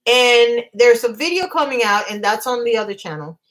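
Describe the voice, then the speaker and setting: A woman's voice: on the high side, moderate pace, fairly bright tone. A woman hosting a casual livestream, talking in a chatty, emphatic way and reacting to her live chat. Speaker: livestream host.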